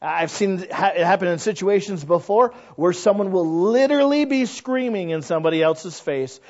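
A man in his thirties with a high voice preaches a sermon at a moderate pace, recorded with slightly dull, lo-fi sound. He's an animated storyteller who acts out the voices of the people in his stories.

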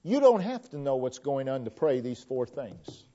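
A middle-aged pastor preaching a sermon in an earnest way, repeating key phrases, swelling to emphatic peaks and then dropping low. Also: male voice, big pitch swings, normal speed, dark tone. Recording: dull lo-fi church recording.

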